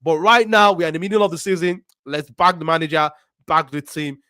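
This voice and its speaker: A man co-hosting a live fan stream, reading viewer comments in a measured way with many ums. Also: on the high side, sharp tone, dry recording, clean studio sound. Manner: measured, with frequent ums and repeats.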